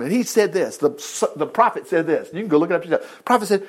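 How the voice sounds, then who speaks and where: A man teaching a Bible passage in a casual, animated way, breaking into asides between verses. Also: sits high. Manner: animated, reads scripture with asides and quick voiced quotes.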